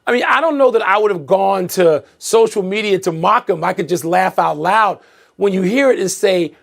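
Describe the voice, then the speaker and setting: A man with a very high voice and a gravelly, fry-heavy edge debates sports on a talk show. He dismisses claims with animated incredulity. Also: normal speed.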